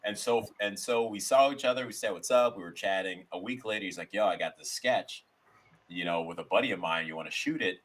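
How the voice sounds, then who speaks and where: A man's voice: on the low side, brisk, fairly bright tone. A man guest on a podcast chatting casually, telling stories in a rambling way with frequent restarts. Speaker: guest, sketch comedian. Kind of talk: casual interview chat.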